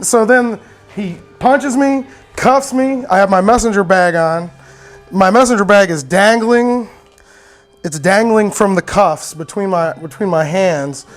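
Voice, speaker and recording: A man telling a meandering personal story, swearing often, laughing a lot and getting worked up as he talks. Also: high voice. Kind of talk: rambling personal anecdote.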